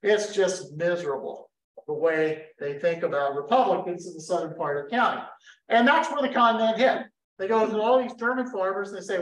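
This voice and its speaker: A man from giving a lively history talk to an audience, telling the story with energy and throwing questions at the room. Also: high voice, brisk. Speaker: history speaker. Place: lecture room in a history center. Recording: roomy hall, voice picked up from a distance.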